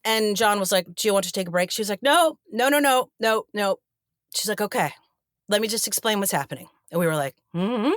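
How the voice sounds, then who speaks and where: A middle-aged woman tells a backstage story in an interview, slipping into the voices of the people she quotes. Her voice sits at an average pitch and sounds close and dry. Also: fast talker, no room sound. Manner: animated, acts out quoted dialogue. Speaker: actress guest.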